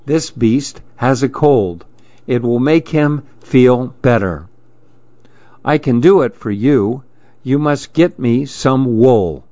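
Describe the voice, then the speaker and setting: A kindly, practical woman vet from a storybook, put on by a man reading aloud. She sounds calm and matter-of-fact, dropping a little lower, with a slow, unhurried delivery. The recording is a touch dull and lo-fi. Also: no room sound.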